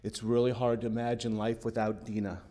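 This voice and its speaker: A man giving a funeral eulogy for his sister, halting and emotional, repeating words. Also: lowish voice, little pitch movement, warm tone. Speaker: eulogist, sibling of the deceased.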